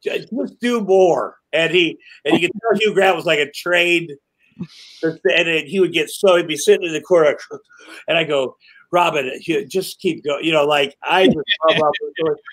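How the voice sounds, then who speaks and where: A man on a podcast as a guest, telling rambling, animated stories, swearing and laughing as he goes. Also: fairly high pitch, normal speed, poor audio. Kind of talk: casual chat.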